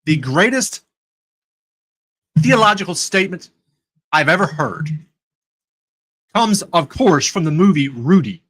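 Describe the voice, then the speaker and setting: A man's voice: a little high, very animated, measured pace, pauses often, a bit bright, poor audio. An American man hosting a live talk, telling stories in a sarcastic, conversational way. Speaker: host. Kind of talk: live talk on faith and trading.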